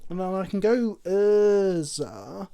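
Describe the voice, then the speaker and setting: A man streaming a card game, thinking aloud with excitable, profane commentary. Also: sits high, slow pace, clean tone, dull audio.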